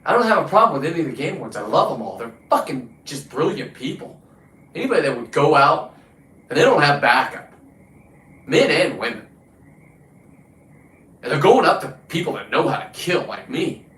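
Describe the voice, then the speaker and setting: Picked up at a distance in a roomy space, a show host swears and brags through a combative, profane monologue. His slightly high, a bit bright voice swings widely in pitch at normal speed, broken by long pauses.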